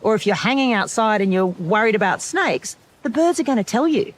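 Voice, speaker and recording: An Australian woman chatting as a podcast guest, explaining with lively energy and breaking into bird-call imitations. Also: on the high side, brisk. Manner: animated explainer who imitates bird calls. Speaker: podcast guest, wilderness survivor. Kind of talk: casual chat.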